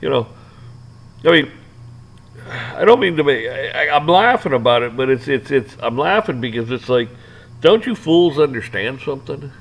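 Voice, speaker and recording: Gravelly man ranting, profane and rambling. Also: mid-range voice, expressive, moderate pace, pauses often, poor audio. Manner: rambling, profane, many restarts and fillers. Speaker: vlogger ranting to camera. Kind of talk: off-the-cuff rant.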